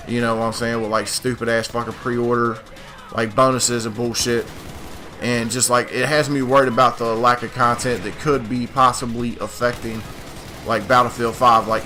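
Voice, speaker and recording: A man's voice: mid-range voice, bright, forceful tone. A man ranting casually over gameplay as a gaming channel host, swearing constantly and rambling with lots of "like" and "dude". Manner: profane, rambling, frequent "like" and "dude". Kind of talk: casual gameplay commentary rant.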